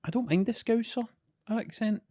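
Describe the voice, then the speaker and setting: A man's voice: high voice, moderate pace, mellow, no echo, studio quality. A young man with a Glasgow Scottish accent, co-hosting a podcast in laid-back, teasing casual chat. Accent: Scottish, Glasgow area. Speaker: podcast co-host.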